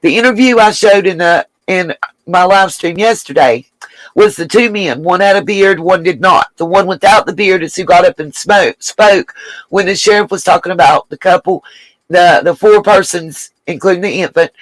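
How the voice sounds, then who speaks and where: A woman's voice: on the low side, moderate pace, dry recording, rough recording. A woman hosting a live stream, chatting bluntly and emphatically, swearing freely and thanking viewers. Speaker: livestream host. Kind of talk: live-stream commentary and chat reading.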